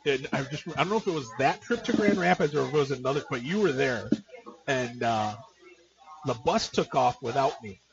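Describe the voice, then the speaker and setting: Animated male podcast host, lo-fi audio, crowd murmur behind. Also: medium pitch, fairly quick, vocal fry. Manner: lively, chiming in with short reactions. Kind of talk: casual chat. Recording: dull lo-fi audio with crowd noise.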